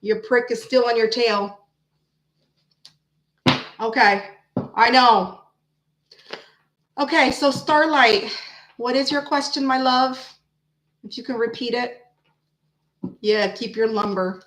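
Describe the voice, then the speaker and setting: A woman's voice: on the high side, slow pace, long pauses, a bit bright, reverberant. A woman reading tarot on a live stream and chatting with viewers in a brash, chatty, often profane way. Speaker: tarot reader.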